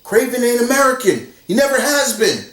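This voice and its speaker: A man's voice: very high voice, sing-song, fairly quick, fairly bright tone. A man ranting bluntly and profanely in an exasperated movie commentary vlog. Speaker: commentary vlogger. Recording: roomy echo, far from the mic.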